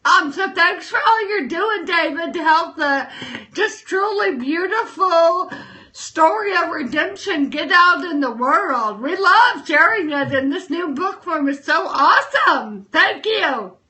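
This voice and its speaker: A young woman hosts a casual live-stream chat from her kitchen table, emotional, enthusiastic and at times tearful. Her very high voice is expressive, bright and forceful, and she speaks slowly; the recording is rough.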